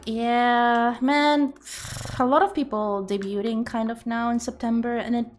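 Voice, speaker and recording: A woman's voice: a little high, slight background noise. A young woman streaming, chatting casually and rambling with giggles and loose swearing. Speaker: streamer and artist.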